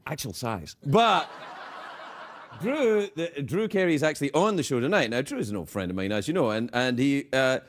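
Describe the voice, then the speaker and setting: A man's voice: medium pitch, big pitch swings, normal speed. A man with a Scottish accent hosting a late-night show, delivering a rambling comic monologue with laughing asides. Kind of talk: comic monologue to a studio audience.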